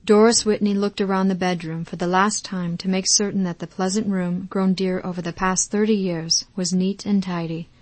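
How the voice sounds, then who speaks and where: A woman narrating an audiobook in a measured, calm way. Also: mid-range voice, dry recording. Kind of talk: scripted narration.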